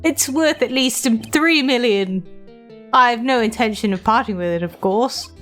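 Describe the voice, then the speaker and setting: A woman's voice: fairly high pitch, normal speed, fairly bright tone, lightly acted. A woman voicing a pompous, evasive older male lawyer from a video game, stammering out excuses, with faint game music behind her. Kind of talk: reading game dialogue aloud.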